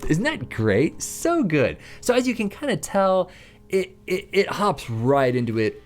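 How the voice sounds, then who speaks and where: A man's voice: sits high, big pitch swings, a little slow, soft background music. A man in his thirties giving an enthusiastic, chatty book review as a parent who reads aloud to his kids. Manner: enthusiastic, chatty, some restarts.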